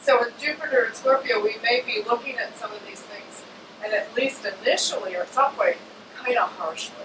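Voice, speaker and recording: A woman's voice: a little high, brisk. Chatty woman astrologer in an echoey room. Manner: chatty and animated, acts out little voices. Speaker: astrologer speaking to an audience. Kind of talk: informal talk to a live audience. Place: room with a live audience. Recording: echoey room, distant mic, air conditioning hum.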